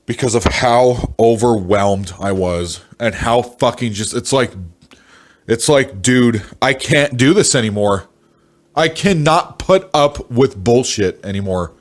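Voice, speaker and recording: A man in his twenties venting angrily about work, swearing and stressed. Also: mid-range voice. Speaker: vlogger. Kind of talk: ranting personal monologue.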